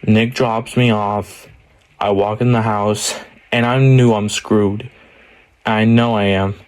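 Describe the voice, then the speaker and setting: A young man tells a story in a casual way. His voice sits a little low, and he rambles, leaning on fillers as he goes. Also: steady tone, takes it slowly, smooth. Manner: rambling, heavy on fillers like "like" and "you know".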